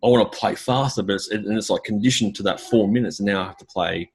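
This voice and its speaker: Husky, low-voiced man telling stories. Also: fast talker. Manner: animated storyteller, mimics voices. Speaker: gigging drummer. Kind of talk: casual chat.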